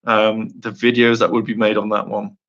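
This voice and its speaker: A man's voice: lowish voice, little pitch movement, normal speed, a bit bright, dull audio. A young man chatting casually on a live stream, rambling and enthusiastic, laughing often and acting out quotes.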